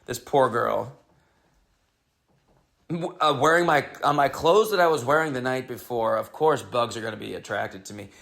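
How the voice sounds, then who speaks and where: A man's voice: mid-range voice, moderate pace, gravelly, a bit bright. A man hosting his own podcast, telling a comedic story in a rambling, wry, self-interrupting way.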